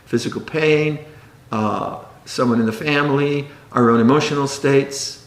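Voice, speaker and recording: A man's voice: mid-range voice, unhurried, reverberant. A man teaching meditation in a dharma talk, playful and often laughing, sometimes mimicking fussy meditators.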